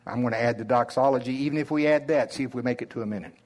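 A man preaching a sermon in a slow Oklahoma drawl, deliberate and conversational. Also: mid-range voice, a little mellow.

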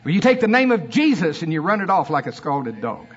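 A man delivers a sermon in church, his husky, slightly high voice swinging between fiery emphasis and quiet asides. The recording is dull and lo-fi. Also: big pitch swings, brisk. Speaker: preacher.

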